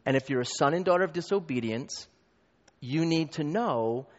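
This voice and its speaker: A man preaching a sermon as pastor, emphatic and building to loud peaks, with quick asides to the congregation. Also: a little high, animated. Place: church hall. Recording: long reverb, dull lo-fi.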